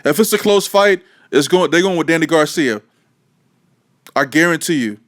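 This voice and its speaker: A man's voice: a little high, lively intonation, normal speed, a bit bright, dry recording, studio quality. A man ranting heatedly and profanely about boxing, full of emphasis and swearing. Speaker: boxing commentator.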